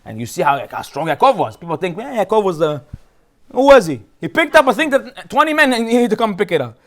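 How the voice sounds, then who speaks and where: A quick-talking man with a slightly raised pitch, telling a Torah story in a loose, joking way. He is a rabbi who grew up speaking Hebrew, and he laughs along with his own jokes as he tells it. His delivery is animated and casual, with nothing of a formal sermon in it. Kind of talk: casual humorous Torah talk.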